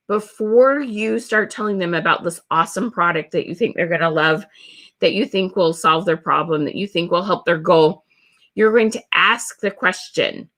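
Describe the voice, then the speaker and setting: Bright, emphatic woman sales coach. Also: lowish voice, moderate pace. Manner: emphatic, repeats words for stress. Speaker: social media sales coach. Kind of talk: webinar teaching.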